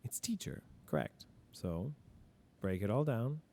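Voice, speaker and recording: A man's voice: on the low side, sing-song, measured pace, mellow, slight background noise. A male teacher talking through grammar examples in a casual lesson, asking and answering his own questions. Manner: casual, admits mistakes openly.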